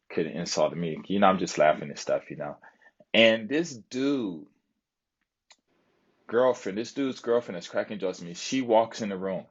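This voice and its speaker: A man's voice: fairly low pitch, husky, dull audio. A man telling a long story on a live stream in a rambling way, with lots of fillers and asides. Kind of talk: casual storytelling chat.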